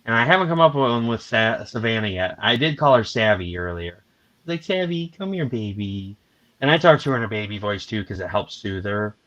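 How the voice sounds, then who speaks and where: Bright-voiced man telling animated stories. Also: on the low side, fast, hardly any pauses, highs cut off. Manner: animated storyteller, acts out quotes. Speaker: livestream host. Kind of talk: casual chat.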